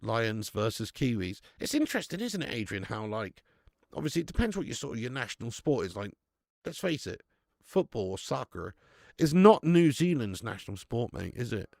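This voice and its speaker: A young man running a live football watch-along, swearing and chatting with viewers between bursts of excited commentary. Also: medium pitch, normal speed, gravelly, no echo, clean studio sound. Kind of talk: live match commentary and casual chat.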